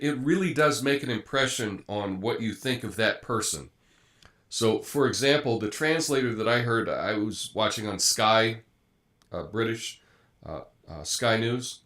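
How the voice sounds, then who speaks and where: A man's voice: mid-range voice, a bit bright. A man hosts a live show, reading headlines and then chatting about them in a loose, conversational way. He often stops to restart a thought, with plenty of fillers. His voice sits in the middle range for a man. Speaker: host. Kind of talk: live commentary monologue.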